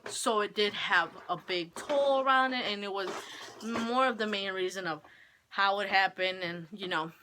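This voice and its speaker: A woman's voice: mid-range voice, moderate pace, background noise. A teenage girl talking casually to the camera at home about being a young mom, rambling with lots of "like" fillers. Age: teens. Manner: chatty, rambling with many "like" fillers. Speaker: vlogger. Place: home, holding her baby.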